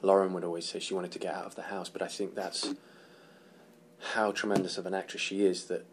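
Animated English man telling stories. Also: low voice, a little fast, a little hiss or hum. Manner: animated storyteller, laughs often, acts out quotes. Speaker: actor being interviewed. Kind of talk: casual press interview.

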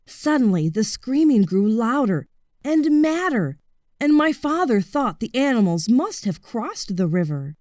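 A woman reading a children's storybook aloud in an expressive, deliberate way, close to the mic. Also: medium pitch, no room sound. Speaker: audiobook reader.

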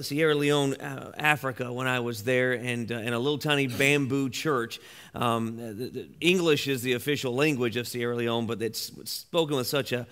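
A man's voice: mid-range voice, a bit bright, smooth. A man pastor giving informal remarks in a church service, telling a story in a conversational way with frequent fillers. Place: church sanctuary.

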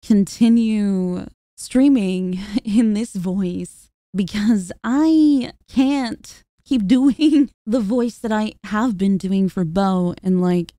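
A woman's voice: mid-range voice, extremely slow, dark tone, no room sound, clean studio sound. A young adult woman streamer talking casually to her viewers, rambling and hesitant with lots of fillers and small laughs. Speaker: VTuber streamer. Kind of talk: casual talk to camera.

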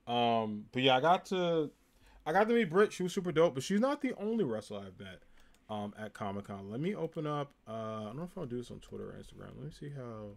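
A young man with a New Jersey accent chatting casually on a live stream, upbeat and full of ums and likes. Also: on the high side. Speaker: live streamer showing a convention haul.

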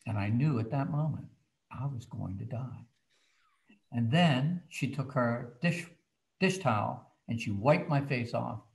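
A man, a children's book author, telling a story from his childhood in a casual, animated way. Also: mid-range voice, a little slow, gravelly, rough recording.

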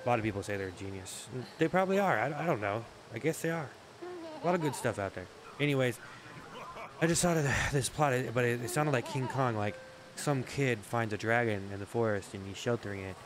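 A man's voice: medium pitch, noisy background. A man rambling through a comedic monologue, often cutting himself off, swearing and joking. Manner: rambling, self-interrupting, swears often, jokey. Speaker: comedy vlogger.

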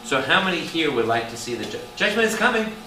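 A man preaching a Bible study in a church hall, animated and quizzing his listeners. He sounds distant from the mic, and the roomy space carries plenty of echo. A steady noise sits under his voice. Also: fairly high pitch, fast talker. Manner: animated, calls out questions to the room. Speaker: priest teaching Bible study. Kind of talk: lively preaching to a congregation.

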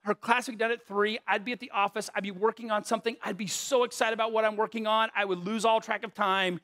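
A middle-aged male pastor with a fairly high voice, preaching in a relaxed, conversational way. He moves between earnest points and playful, self-mocking stories. The sound is dry and close, with no room echo. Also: quick pace. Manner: earnest, with joking asides and self-deprecating stories. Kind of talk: conversational sermon.

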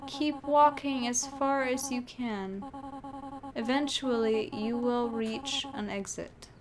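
A woman voicing a gentle, motherly goat woman caretaker in a video game, speaking softly, slowly and earnestly. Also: a little high, crowd noise.

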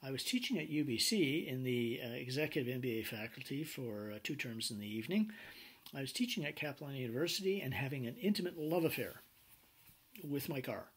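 A man lecturing a business class with animated personal anecdotes, acting out what people said. His voice is husky and mid-pitched. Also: fairly quick. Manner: animated storyteller acting out quoted dialogue. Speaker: business instructor.

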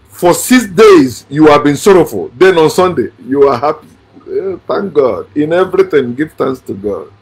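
A man delivering a blunt, lecturing monologue. He repeats his points and swings between shouting and quiet talk. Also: fairly high pitch, breathy edge. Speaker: channel host.

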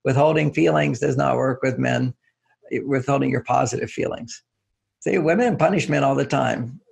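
A man's voice: medium pitch, moderate pace, gravelly, darkish tone, husky. An older man being interviewed as a relationship author, explaining with everyday examples and acting out little quotes in a raised voice. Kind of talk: casual interview talk.

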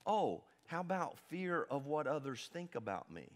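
A male pastor with a fairly high voice delivers an impassioned sermon in a church sanctuary. He drops to near-hushed stretches, then climbs to loud, emphatic peaks. He keeps throwing questions out to the congregation. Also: big pitch swings, moderate pace. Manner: fervent preaching, swings from hushed to loud.

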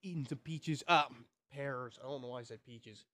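A man's voice: medium pitch, moderate pace, a bit bright. A young man talking casually to his subscribers, rambling, tripping over his words and swearing now and then. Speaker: YouTuber.

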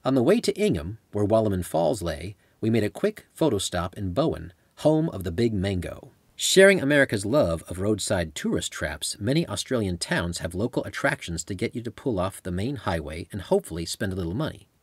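A man's voice: lowish voice, big pitch swings, fairly quick, hardly any pauses, breathy edge, dry recording. A man narrating his own travel memoir as an audiobook, in a conversational storytelling manner. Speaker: author and narrator.

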